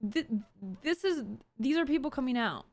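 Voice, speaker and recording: A woman's voice: high voice, expressive, moderate pace, no room sound. A woman streaming casual commentary, chatting straight to her viewers and stumbling and restarting words as she goes.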